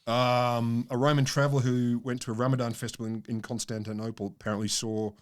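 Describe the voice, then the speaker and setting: A man's voice: medium pitch, flat delivery, fast. A man co-hosting a science podcast, telling a story in a rambling, amused way with many restarts. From Australia. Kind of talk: casual science chat.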